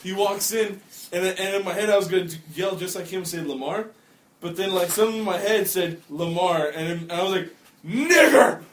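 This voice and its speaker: High-voiced teen guy in an echoey room. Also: fairly even intonation. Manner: crude storytelling, halting restarts. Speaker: podcast co-host. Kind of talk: casual chat. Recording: echoey room, off-mic, background noise.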